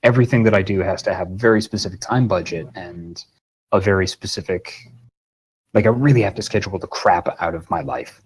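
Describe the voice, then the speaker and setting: A man's voice: low-pitched, brisk, breathy edge, low-quality recording. Casual, swearing voice-actor man. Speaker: guest voice actor and game master. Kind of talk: casual interview talk.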